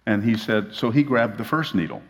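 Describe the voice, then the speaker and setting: A male pastor with a fairly low voice delivers a sermon from a church sanctuary. He mixes a humorous personal story with a passage read aloud. A long hall reverb trails after his words. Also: expressive, normal speed.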